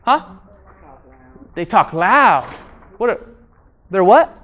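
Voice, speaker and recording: A male communication trainer instructs a live audience in a training room, asking them questions and repeating his key points. He talks extremely slowly in a high, sing-song voice with a fairly bright tone, and the recording is muffled.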